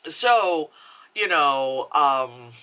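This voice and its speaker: A woman's voice: low voice, extremely slow. A young woman casually reviewing a film, rambling and swearing freely with lots of filler words, often laughing as she retells scenes. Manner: laughs while talking, animated retelling. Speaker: movie reviewer.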